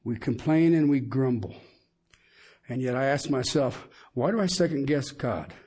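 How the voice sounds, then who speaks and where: Man, middle-aged, preacher, sermon, emphatic, questioning the congregation, husky. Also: medium pitch, animated, a little slow, darkish tone.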